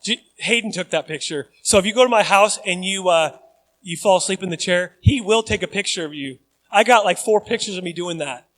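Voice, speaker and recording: A high-pitched man preaching to his congregation. He moves between relaxed, joking asides and loud, emphatic calls, leaning on the crowd with "right?". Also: brisk. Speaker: pastor. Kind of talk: sermon.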